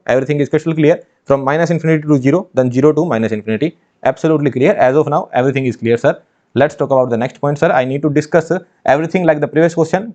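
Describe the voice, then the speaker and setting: The speaker is a man whose voice is fairly high and a little mellow, teaching engineering maths in an online exam-prep session. He speaks emphatically, with repeated phrases and rhetorical questions, and the audio is dull and lo-fi.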